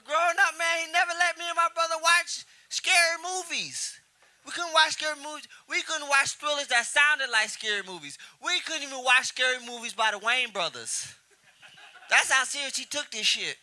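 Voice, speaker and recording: A man in his twenties doing a profane stand-up comedy set, telling stories and shouting out quoted lines. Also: extremely high pitch. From Houston area. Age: 20s. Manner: brash, profane storytelling with loud acted-out quotes. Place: comedy club stage.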